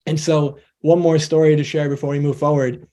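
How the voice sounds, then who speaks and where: A man's voice: fairly high pitch, level tone, brisk, dark tone. A man presenting a motivational talk, explaining ideas step by step and acting out quoted dialogue.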